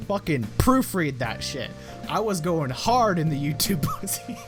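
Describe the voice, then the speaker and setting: A man's voice: on the high side, big pitch swings, measured pace. A young man casually reacting to his old videos, rambling and swearing often, poking fun at himself. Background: guitar music.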